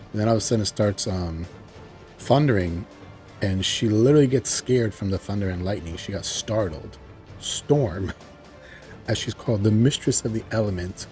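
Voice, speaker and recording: Lower-pitched guy, warm mellow tone, enthusiastic rambling show recap over faint music. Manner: enthusiastic, rambling storytelling with frequent "like" and "you know". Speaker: TV show reviewer. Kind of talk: casual recap of a TV episode.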